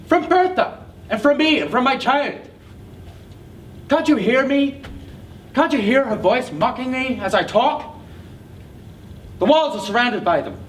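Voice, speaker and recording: A man's voice: very high voice, animated, measured pace, long pauses. A man playing a brooding, bitter man. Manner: intense, brooding, often hushed. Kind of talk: stage play acting. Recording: distant mic with noisy hiss.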